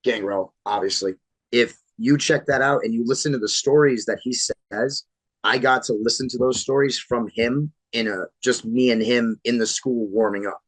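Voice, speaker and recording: A man's voice: mid-range voice, normal speed, dry recording, rough recording. Man in his thirties telling stories. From Florida. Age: 30s. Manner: animated storyteller, swears freely. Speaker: pro wrestler guest. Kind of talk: casual podcast interview storytelling.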